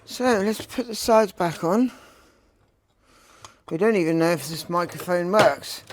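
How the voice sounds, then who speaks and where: A man with a high-pitched, slightly slow voice chats casually while repairing a microphone at his workbench. He keeps repeating short test phrases as he works.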